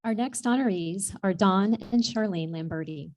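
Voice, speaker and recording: Mellow-voiced woman reading honoree introductions. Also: medium pitch, normal speed. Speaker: event presenter.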